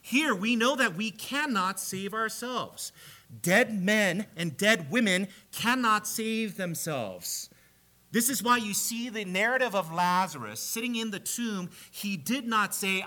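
A man preaching a sermon, emphatic, growing loud on the repeated key phrases. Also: high voice, animated, measured pace.

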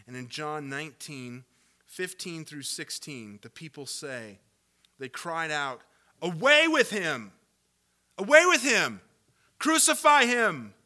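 A man preaching a sermon, with sarcastic asides and rising, impassioned build-ups to loud peaks. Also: fairly high pitch. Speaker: pastor.

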